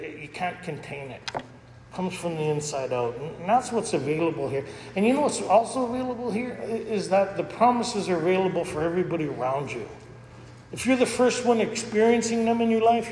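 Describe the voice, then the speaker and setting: A man's voice: high voice, creaky, a little mellow. A man telling personal stories to an audience at a recovery gathering, candid and jokey, often laughing as he talks. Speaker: speaker at a recovery roundup. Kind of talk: personal storytelling talk to an audience. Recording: echoey hall with long reverb.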